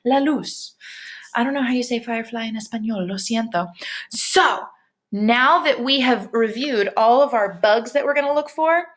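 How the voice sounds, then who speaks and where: A woman teacher reading a bilingual picture book aloud to young children, animated and gasping with excitement between pages. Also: on the high side, normal speed. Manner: animated, frequent gasps, bilingual English-Spanish reading.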